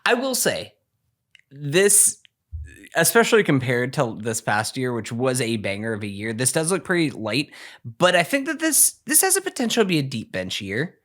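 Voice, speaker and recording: A man co-hosting a podcast, upbeat and talkative as he sizes up the year ahead. His mid-pitched voice moves in a lively way. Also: moderate pace. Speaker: podcast co-host. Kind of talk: casual chat.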